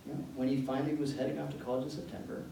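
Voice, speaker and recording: A man with a Canadian accent giving an informal talk to parents, a lively storyteller who acts out dialogue in changed voices. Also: medium pitch, rapid-fire, creaky. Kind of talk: informal lecture with acted-out anecdotes. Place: meeting room, large and echoey. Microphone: room mic from a distance. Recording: echoey room from a distance, faint noise.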